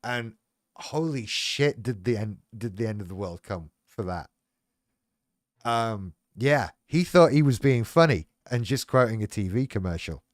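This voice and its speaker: A man's voice: on the low side, expressive, a little slow, no room sound, studio quality. A man hosting a livestream, chatting frankly and wryly, with plenty of swearing. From United Kingdom. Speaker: livestream host. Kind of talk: casual chat.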